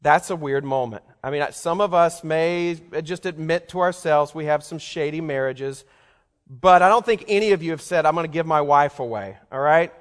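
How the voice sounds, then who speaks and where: With a smooth, fairly high voice at a moderate pace, a pastor explains scripture and quizzes his congregation in a conversational sermon, heard in a hall with long reverb.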